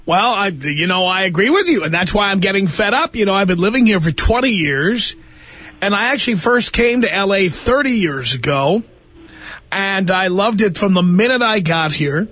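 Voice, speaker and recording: A middle-aged man hosting a call-in radio show, blunt and sarcastic, quick to argue with callers. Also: high-pitched, animated, fairly bright tone. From New York area. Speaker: radio talk show host. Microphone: studio mic.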